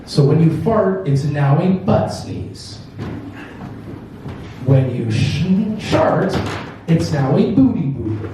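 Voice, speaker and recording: A man's voice: fairly high pitch, very animated, slow pace, long pauses, noisy background. A man performing a stand-up set, telling rambling, crude stories with loose punchlines. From Canada. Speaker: stand-up comedian. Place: comedy club stage. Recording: roomy venue, voice from a distance.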